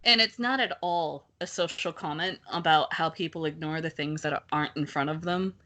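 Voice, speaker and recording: A woman co-hosting a casual book discussion podcast, talking in an animated, exasperated way and laughing often. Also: low-pitched, normal speed. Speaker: podcast co-host.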